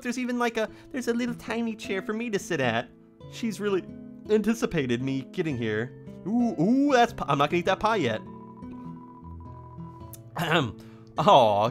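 A young man casually commenting on a game as he plays it, in a rambling, playful way with lots of quick reactions. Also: sits high, sing-song, faint music behind. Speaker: let's play host. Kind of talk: casual let's play commentary.

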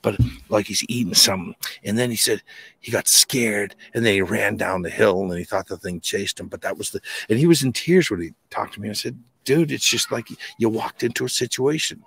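A man with a Boston accent tells story after story as a podcast guest, rambling and jumping between tangents with animated energy. His low voice is gravelly and husky. It is recorded dry, with no room sound. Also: brisk, no room sound. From New England. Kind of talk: casual storytelling.

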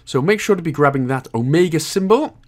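Lively Welsh man narrating a game. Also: on the high side, brisk. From Wales. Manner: jokey, chatty, swears casually. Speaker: gaming guide host. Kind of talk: game walkthrough commentary.

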